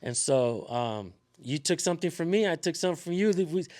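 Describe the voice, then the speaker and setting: Slightly high-voiced male host, loose and rambling, lots of "you know". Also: animated, fairly quick, darkish tone. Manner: rambling, frequent fillers and restarts. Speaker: channel host, activist. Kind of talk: casual conversation.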